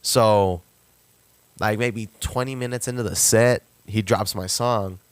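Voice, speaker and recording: Young man, low voice, dry sound, casual animated storytelling. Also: measured pace, clear, resonant tone, no echo. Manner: animated, jumps pitch to act out quotes. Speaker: podcast guest, rapper.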